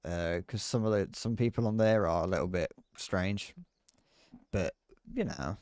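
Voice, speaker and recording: A man's voice: low voice, unhurried, darkish tone, dry recording, clean studio sound. A young British man chatting casually on a live gaming stream, rambling with frequent restarts and laughs.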